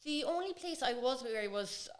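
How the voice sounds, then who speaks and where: A woman's voice: high-pitched, lively intonation, normal speed. A woman chatting as a podcast guest, telling stories in a loose, rambling way with many fillers. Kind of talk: casual chat.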